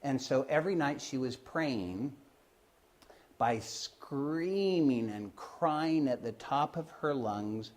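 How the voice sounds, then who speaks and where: Slow, hesitant man telling a story. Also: mid-range voice, lively intonation. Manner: hesitant, many fillers and restarts, acts out the quoted voices. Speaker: Christian Science healer telling of his work. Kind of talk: informal storytelling talk.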